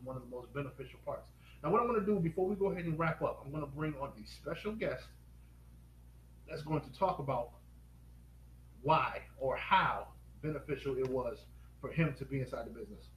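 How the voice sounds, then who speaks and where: A man hosting a live stream pitch, upbeat and quizzing viewers with rapid questions. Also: lively intonation. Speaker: host. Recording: echoey room with faint noise.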